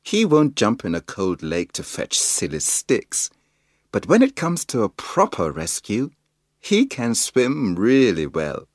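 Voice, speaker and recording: A man's voice: fairly low pitch, wildly swooping pitch, takes it slowly, no room sound, clean studio sound, exaggerated voice. A man reading a storybook aloud, voicing a sensible, upbeat young boy in a lightly raised voice.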